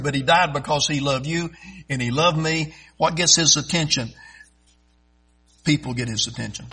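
A middle-aged man preaching a sermon in a folksy, emphatic way, swelling loud and stretching out key phrases. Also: fairly high pitch, moderate pace, pauses often, slightly rough, low-quality recording.

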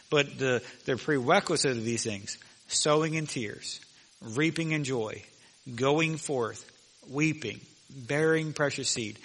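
A male pastor preaching a sermon with emphasis, slowing down when he reads scripture aloud. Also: medium pitch, bright, forceful tone, breathy edge. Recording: long reverb of a large hall.

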